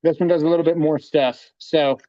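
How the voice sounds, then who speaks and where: A man's voice: on the high side, steady tone, fairly quick, mellow. A man hosting a live tool demonstration, talking casually while he handles his gear. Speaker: host demonstrating tools. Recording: dull lo-fi livestream audio.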